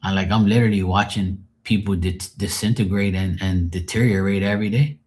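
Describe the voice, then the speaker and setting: A man's voice: low-pitched, fairly even intonation, fairly quick, a little mellow. A man on a live stream venting in a rambling, emotional monologue, swearing often and sounding drained and sad.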